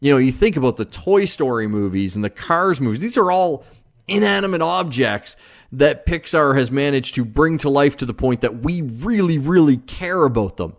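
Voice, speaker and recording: A man's voice: mid-range voice, expressive, moderate pace. A man hosting his own podcast, talking casually on his own in a rambling, jokey way with lots of fillers and restarts. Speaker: podcast host. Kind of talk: casual solo monologue.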